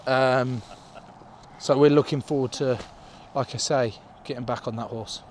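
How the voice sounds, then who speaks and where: A man's voice: mid-range voice, measured pace, long pauses. A man in a post-match interview, rambling and joking as he talks about getting back on the horse. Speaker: rugby player in interview clip.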